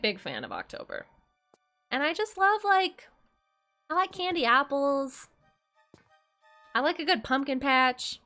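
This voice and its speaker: A woman's voice: fairly high pitch, pushed and bright. A young woman streaming a game, chatting casually with viewers, bubbly and swearing freely as she plays. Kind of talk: casual livestream chat while playing.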